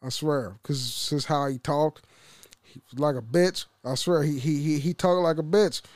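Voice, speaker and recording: A man's voice: on the high side, fairly even intonation, moderate pace, darkish tone, no echo. Profane rambling young man, dry sound. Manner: rambling, profane, laughs often, restarts. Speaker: podcast host. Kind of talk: casual solo podcast rant.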